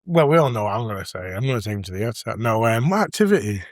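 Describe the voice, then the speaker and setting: A man's voice: on the low side, racing, no echo, studio quality. A man from England, co-hosting a podcast in casual chat, enthusiastic and prone to trailing off into mumbles. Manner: animated, enthusiastic, drops to mumbles. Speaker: podcast co-host.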